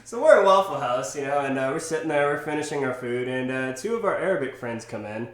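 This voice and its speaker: A young man from Georgia telling a story in a casual podcast chat, animated and full of "you know" fillers. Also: medium pitch, quick pace. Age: young adult. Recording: roomy echo.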